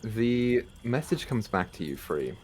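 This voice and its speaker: A man narrating as dungeon master, measured and pausing with ums as he describes events. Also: mid-range voice, very animated, a little mellow, slight background noise. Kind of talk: narrating a tabletop game.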